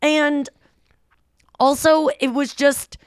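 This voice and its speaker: Slowly and in a high-pitched voice, a podcast host in her thirties tells a story in casual chat, animatedly voicing the people in it. The recording is dry and studio quality.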